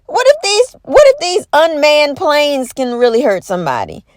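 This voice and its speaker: Woman, high-pitched, comedic rant, animated and exaggerated, folksy emphatic delivery, dry close sound. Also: moderate pace, no room sound. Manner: animated and exaggerated, slips into mock voices; folksy and emphatic, with repeated catchphrases. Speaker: vlogger.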